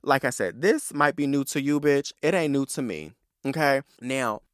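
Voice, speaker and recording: A man's voice: medium pitch, normal speed, no echo. Sassy profane man telling stories, dry mic. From San Diego, California. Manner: animated, profane and sassy, addressing listeners directly. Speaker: podcast host. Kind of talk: casual solo storytelling.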